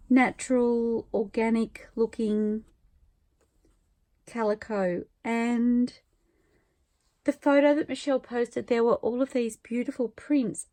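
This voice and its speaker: A middle-aged woman in a casual craft vlog, gushing and teary as she opens viewer mail. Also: fairly high pitch. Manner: emotional, gushing, soft-spoken with laughs and sighs. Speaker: craft vlogger.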